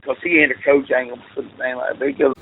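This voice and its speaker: A man's voice: mid-range voice, rapid-fire. A man, a football coach, telling a long rambling story in a casual interview and acting out what people said. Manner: rambling, animated storyteller who acts out quotes. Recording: tinny phone-like line with faint noise.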